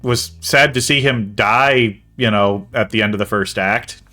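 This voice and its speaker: A man's voice: fairly low pitch, a little slow, pushed and bright, soft background music. A man hosting a casual movie-review podcast, rambling and laughing at his own puns. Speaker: podcast host.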